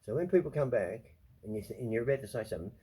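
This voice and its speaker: Speaking directly to the camera, this vlogger races through an animated, rambling monologue about his personal life, cursing a lot and saying things again and again to defend how he feels. His mid-range voice is husky with a dark tone, and his manner is restless, defensive, confiding, and emphatic.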